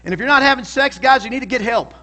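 A male pastor preaches in church with a very high-pitched, pushed and bright voice, racing along. He is emphatic, calling out to the congregation for responses.

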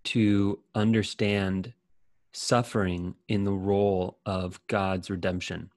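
A man in a casual Bible discussion, summing up the point in a measured way. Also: low-pitched, level tone, a little mellow, dry recording, clean studio sound. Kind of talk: casual Bible study chat.

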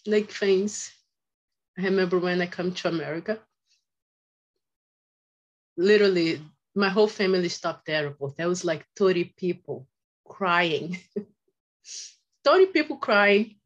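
A woman guest telling personal stories in a halting, reflective way, repeating phrases, with non-native grammar. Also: on the low side, highs cut off. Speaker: podcast guest. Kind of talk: emotional personal storytelling.

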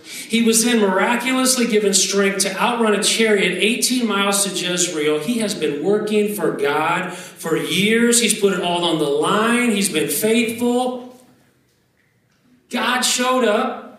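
A male pastor in his thirties preaches in a conversational, animated way, throwing in asides and doubling words as he goes. His voice sits a bit high and comes from a distance across a very echoey sanctuary, with a faint hum of room ambience behind him. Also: measured pace. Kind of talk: sermon with prayer. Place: church sanctuary.

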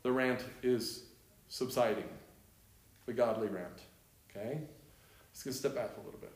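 A man's voice: mid-range voice, normal speed. A man explaining scripture to a group in a conversational way, asking them rhetorical questions. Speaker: Bible teacher. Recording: roomy echo.

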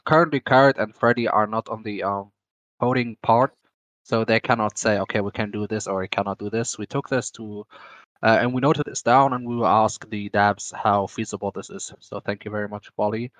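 Halting man with a German accent. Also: on the low side, fairly even intonation, a bit bright, no room sound. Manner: halting, many restarts and self-corrections. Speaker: AMA host. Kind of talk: casual online Q&A.

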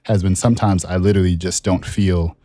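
A man with a fairly low voice co-hosts a podcast and spins a long personal story in casual chat. He tells it with lively self-mockery and often laughs at his own clumsiness. The sound is close and dry, with almost no room around it. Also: fairly quick, no room sound. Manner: animated, self-mocking storyteller who laughs at himself. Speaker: podcast co-host.

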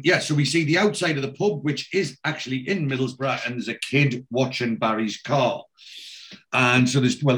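A man's voice: medium pitch, fairly bright tone. A man hosting a casual podcast, retelling a TV episode scene by scene. He slips into the characters' lines without much change of voice and fills the gaps with ums and restarts. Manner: reads out character lines in a plain retelling voice, many fillers. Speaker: podcast host recapping a TV episode.

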